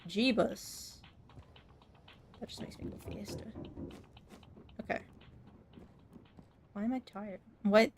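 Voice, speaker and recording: A woman's voice: mid-range voice, slow pace, long pauses. Young female streamer, casual giggly play-by-play chatter, light hiss in the background. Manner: giggly, talks to herself while playing. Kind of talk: casual let's play commentary. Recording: faint background noise.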